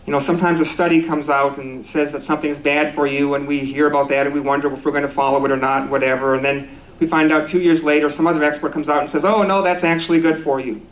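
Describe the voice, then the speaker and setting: A man's voice: fairly high pitch, little pitch movement, quick pace, few pauses, rough recording. A man giving a conversational sermon at a spiritual center, easygoing and self-deprecating, with restarts and small laughs.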